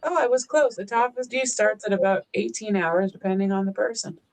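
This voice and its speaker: A woman's voice: mid-range voice, a little fast, poor audio. A woman co-hosting a casual live-stream chat, talking fondly and in baby-talk to her dog between stories. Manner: baby-talks to her dog, chatty and fond. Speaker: co-host.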